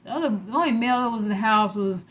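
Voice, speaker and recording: A young adult woman casually telling a frightening personal story, growing animated and louder when alarmed. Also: racing. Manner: animated, rising in pitch and loudness when alarmed.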